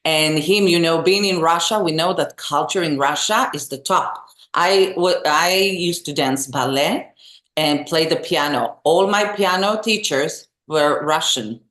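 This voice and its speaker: Lowish woman telling stories. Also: unhurried. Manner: animated, expressive storyteller. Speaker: guest singer and vocal teacher. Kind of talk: casual interview storytelling. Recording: echoey room.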